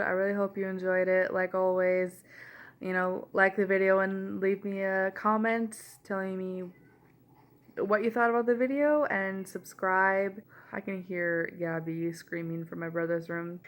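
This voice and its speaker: A woman's voice: on the low side, fairly even intonation, normal speed. A young woman vlogging in her home kitchen, talking casually into the camera mic in a rambling way and laughing often. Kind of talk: casual chat.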